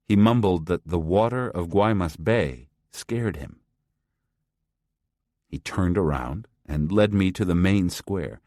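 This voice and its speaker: Male audiobook narrator, very deep voice, measured first-person storytelling, dry close sound. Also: darkish tone, dry recording.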